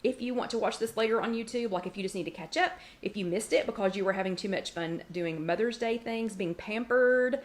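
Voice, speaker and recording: A woman's voice: medium pitch, brisk, few pauses. Chatty woman hosting a livestream. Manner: chatty, greets viewers by name and reads their comments aloud; breaks off to scold her dog. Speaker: host of a weight-loss support livestream. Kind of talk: casual livestream chat. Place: home kitchen.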